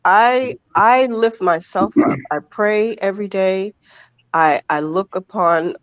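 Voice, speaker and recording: A man's voice: high-pitched, dry recording. Earnest man on a dull, dry line. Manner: earnest, heartfelt, repeats himself for emphasis. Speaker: interview guest. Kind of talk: emotional podcast interview. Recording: dull lo-fi remote audio.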